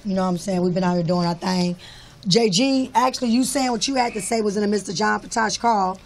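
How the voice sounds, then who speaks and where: A radio host casually giving shout-outs and closing the show. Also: mid-range voice, a little fast, a little hiss or hum.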